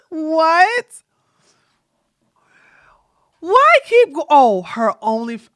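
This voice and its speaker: Woman streamer reacting to clips, sassy and animated, bright sharp voice, dry close sound. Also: high voice, slow pace, pauses often, no room sound. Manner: animated, exclaiming, sassy asides. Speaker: livestream host. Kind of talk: casual reaction commentary.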